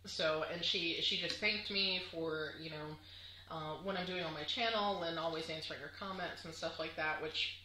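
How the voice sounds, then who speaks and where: A woman vlogger talks casually to camera about her crafts. Her voice is very bright and sharp, and she gushes with plenty of fillers. The recording has a roomy home echo. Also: sits low, fairly even intonation, moderate pace, slight background noise. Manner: gushing, chatty, many fillers.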